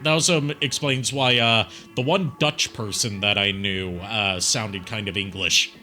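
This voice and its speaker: Brief: male stream host, relaxed chat, reads comments aloud; bright edge to the voice, music underneath. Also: fairly low pitch, a little slow. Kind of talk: casual gaming chat.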